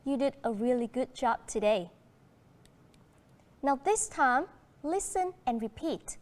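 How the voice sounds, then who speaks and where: A woman with a Vietnamese accent teaching a primary school English lesson, slow and encouraging, switching between English and Vietnamese. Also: high voice, animated. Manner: slow, encouraging classroom delivery.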